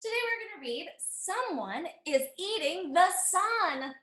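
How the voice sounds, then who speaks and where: A woman reading a picture book aloud to children in an expressive storytime voice. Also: very high voice, unhurried. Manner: animated, expressive. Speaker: storytime reader. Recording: roomy echo.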